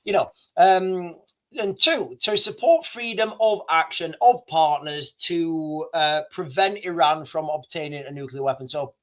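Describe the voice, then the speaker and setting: A man's voice: on the high side, unhurried. A man hosting a casual live stream, rambling and correcting himself as he talks to viewers, coughing now and then. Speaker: livestream host.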